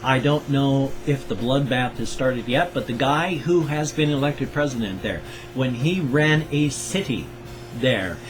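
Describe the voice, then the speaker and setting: Speaking unhurriedly in a mid-range voice, this older vlogger from the Pacific Northwest rambles and keeps correcting himself in a relaxed solo video. He has the region's accent, and the recording sounds rough.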